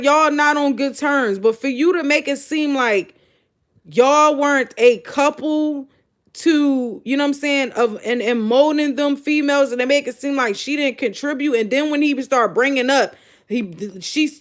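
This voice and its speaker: A woman hosting a show, giving blunt, animated, incredulous reaction commentary straight to her audience. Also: high-pitched. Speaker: show host. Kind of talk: casual live reaction commentary.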